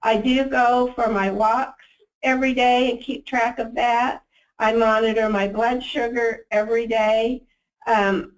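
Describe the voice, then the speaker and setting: A woman's voice: a little high, far from the mic, lo-fi sound. A woman telling her own story as a patient, speaking in an earnest, plain way. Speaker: patient giving a testimonial. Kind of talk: personal testimonial.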